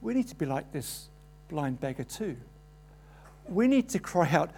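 Male preacher, animated sermon delivery, voices the story's people. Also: a little slow, vocal fry, slightly rough. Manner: animated, acts out quoted voices with rising pitch.

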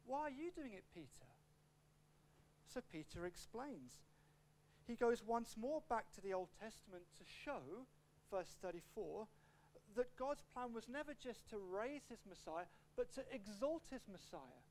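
A man's voice: high voice, measured pace, slight background noise. A man preaching an expository sermon with a personal story, acting out quotes as he goes. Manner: animated, acts out quotes, shifts pace a lot.

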